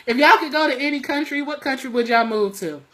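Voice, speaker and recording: High bright-voiced woman co-host, tipsy. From United States. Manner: loud laughing, profane, quick to cut in. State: a little tipsy. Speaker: podcast co-host. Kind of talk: casual late-night chat.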